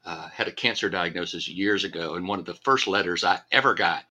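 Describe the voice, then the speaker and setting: Male interviewer, low pitch with a bright, forward edge; gentle, halting questions. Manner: gentle and hesitant, with stammered restarts. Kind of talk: conversational interview.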